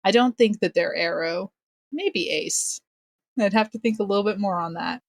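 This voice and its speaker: A woman chats casually as a podcast guest, laughing often and poking fun at herself. Her pitch sits in the middle, and the sound is dry with no room echo. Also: moderate pace. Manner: laughs often, self-deprecating. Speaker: podcast guest and game master. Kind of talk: casual interview chat.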